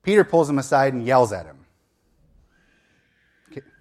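A man's voice: mid-range voice, big pitch swings, moderate pace, a little mellow. A man preaching a sermon as a pastor, retelling a story in a conversational way with asides and light humor.

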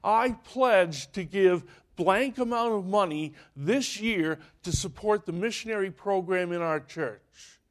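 A male pastor preaching a sermon, telling a story with animated delivery and acting out the voices in it. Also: high-pitched, a little slow, hardly any pauses.

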